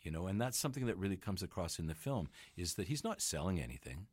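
A middle-aged documentary filmmaker in a casual interview, talking enthusiastically with frequent restarts. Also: male voice, sits low, big pitch swings, quick pace, slightly rough, no room sound. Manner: enthusiastic, laughs often, many restarts.

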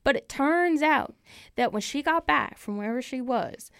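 A woman's voice: sits high, animated, normal speed, gravelly, fairly bright tone, no echo, clean studio sound, full character voice. A woman improvising a proud, heartbroken male lone cowboy rancher, telling his tale in a folksy way and repeating phrases for emphasis. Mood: indignant folksy. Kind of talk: improvised comic storytelling.

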